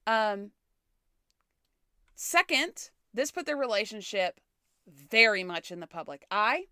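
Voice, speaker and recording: A woman in her thirties co-hosting a casual history podcast, telling the story in a relaxed way, laughing often and swearing casually. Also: mid-range voice, takes it slowly, clean tone, no echo, studio quality. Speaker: podcast co-host.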